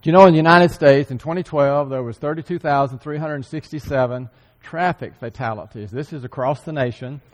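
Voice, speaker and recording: A man preaching a sermon, earnestly repeating key phrases for emphasis and often clearing his throat. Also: a little high, fairly quick. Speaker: church speaker. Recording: long hall reverb.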